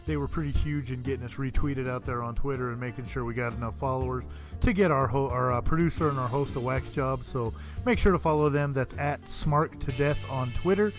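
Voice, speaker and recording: A man's voice: medium pitch, a little fast, music in the background. A man hosting a casual podcast, joking with his co-hosts and filling gaps with "uh" as he talks. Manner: joking, laughs often, many fillers. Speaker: podcast host.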